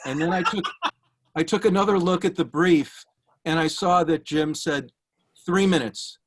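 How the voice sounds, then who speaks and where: A man's voice: a little high, unhurried, noisy background. Middle-aged man giving a heartfelt tribute. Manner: warm anecdotal delivery with frequent uh fillers. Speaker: guest speaker giving a tribute. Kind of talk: prepared tribute speech.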